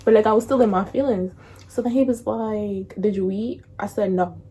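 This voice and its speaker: A young woman tells a breakup story in casual slang, laughing often and acting out quotes in a higher voice. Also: steady tone, moderate pace, warm tone, slight background noise. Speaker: vlogger.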